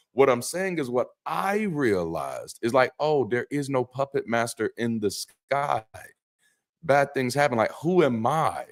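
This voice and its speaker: A man who used to be a pastor, hosting a live call-in stream and talking to the chat with animated emphasis, preacherly phrasing, blunt slang, casual swearing and frequent restarts. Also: mid-range voice. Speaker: host of a live call-in show, former pastor. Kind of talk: livestream monologue to chat.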